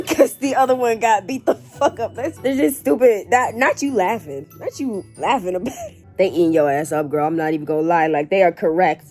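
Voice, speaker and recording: A woman in her twenties, with a mid-range, darkish voice, reacts to a book in a casual reading vlog. As she reads, she swears, laughs and shrieks.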